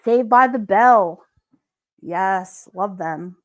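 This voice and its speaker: Giggly woman rambling to her stream chat, mid-pitch voice, dry close sound. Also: drawn-out words, no echo, highs cut off. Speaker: live stream host. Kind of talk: casual chat with viewers.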